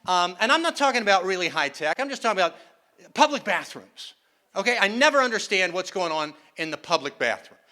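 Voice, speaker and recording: Bright-voiced older man doing stand-up. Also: high-pitched, a little fast. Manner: animated, self-mocking, acts out quoted voices. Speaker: stand-up comedian. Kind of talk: stand-up comedy set. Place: conference hall stage with a live audience.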